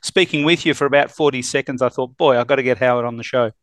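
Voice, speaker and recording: A man with an Australian accent hosting a podcast interview, friendly and joking, quick to chime in. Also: mid-range voice, fairly bright tone, dry recording. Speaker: podcast host. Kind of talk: casual interview chat.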